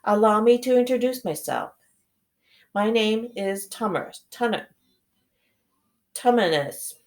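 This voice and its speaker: A woman's voice: on the high side, lively intonation, takes it slowly, a little mellow, pitched above the performer's own voice. Woman reading as a polite, fussy male faun. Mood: courteous. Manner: formal and courteous.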